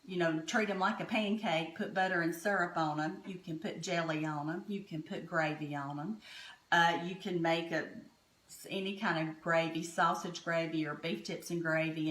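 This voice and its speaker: Middle-aged Southern woman, home cook host, folksy storytelling, roomy kitchen sound. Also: on the low side. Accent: Southern American. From Southern United States. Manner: homey, chatty, warm-hearted storytelling. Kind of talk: folksy cooking chat. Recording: echoey kitchen room.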